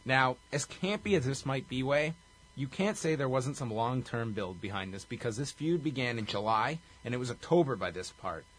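A man's voice: mid-range voice, expressive, moderate pace, fairly bright tone, slightly rough. A man hosting a casual chat, recapping events in detail. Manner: recaps events in detail, briefly acts out quotes. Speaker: podcast host.

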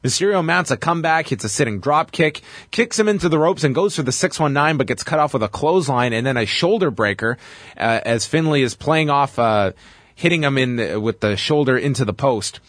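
A man co-hosting a casual chat show, recapping wrestling matches play by play in an animated way. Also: mid-range voice, brisk, dry recording, clean studio sound. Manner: lively, animated storytelling. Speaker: podcast co-host recapping wrestling.

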